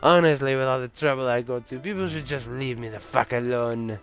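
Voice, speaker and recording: A man's voice: medium pitch, fairly quick, soft background music, close to an everyday voice. A man voicing a drunk, foul-mouthed old Santa in a game, with a put-on vague European accent and slurred, rambling talk. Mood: grumbling. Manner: slurred, boozy rambling with sudden outbursts. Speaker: streamer voicing a game character.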